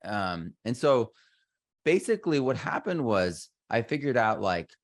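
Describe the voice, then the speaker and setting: A man's voice: mid-range voice, big pitch swings, measured pace, dry recording, clean studio sound. A middle-aged man talking as a podcast guest in a casual interview, rambling and often restarting his sentences. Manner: rambling, self-interrupting storyteller.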